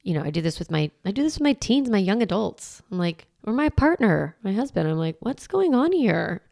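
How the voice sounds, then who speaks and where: A woman's voice: mid-range voice, very animated, a little fast, gravelly, dark tone. A woman in her forties hosting a solo parenting podcast, coaching and encouraging in a casual, chatty way with lots of fillers. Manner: casual and chatty, filler-heavy, laughs easily.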